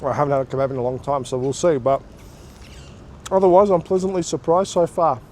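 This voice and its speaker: A man's voice: fairly high pitch, fairly even intonation, brisk, darkish tone, a little hiss or hum. A man with an Australian accent hosting a casual food review vlog, chatty and swearing offhandedly. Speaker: food vlogger.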